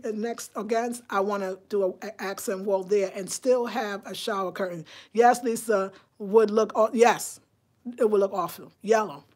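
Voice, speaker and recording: A woman chatting casually on a live stream from inside her home, animated and talking straight to her viewers. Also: mid-range voice. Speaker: vlogger.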